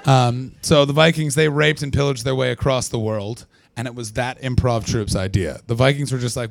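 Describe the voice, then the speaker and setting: A young man from Canada doing stand-up with a gravelly, fry-laced voice at an ordinary pitch. He riffs sarcastically and swears freely, now and then yelling a punchline. The sound is dry and close, with little room echo. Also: fairly quick, hardly any pauses. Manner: profane, sarcastic, bursts into yelled punchlines. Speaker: stand-up comedian. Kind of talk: live stand-up with crowd work. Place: small venue at a comedy festival.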